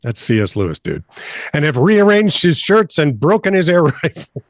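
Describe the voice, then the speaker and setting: An older man with a slightly higher voice reads strange police-blotter items, then breaks into wry asides and laughter. His pitch swings widely as he jokes. The close mic leaves the sound dry. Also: sing-song, moderate pace, no room sound. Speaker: co-host. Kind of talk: comedy news banter.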